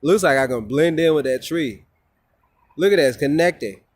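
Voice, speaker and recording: A man's voice: on the high side, expressive, normal speed, dry recording, studio quality. A man talking casually to his phone camera outdoors, rambling and profane, often repeating himself. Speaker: vlogger.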